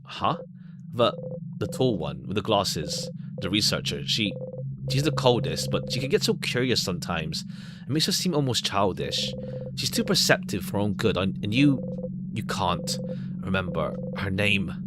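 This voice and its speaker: A man casually commenting on a video game as he plays, rambling with halting filler words. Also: lowish voice, very animated, heavy background noise. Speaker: let's play gamer. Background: background music.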